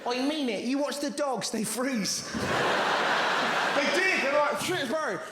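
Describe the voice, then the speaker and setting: A male stand-up comedian telling stories in an animated way, acting out the people in them. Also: very high voice, very noisy. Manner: animated storytelling, acting out characters in quick voices. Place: large theatre on stage. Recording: echoey theatre, loud crowd laughter. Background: audience laughing.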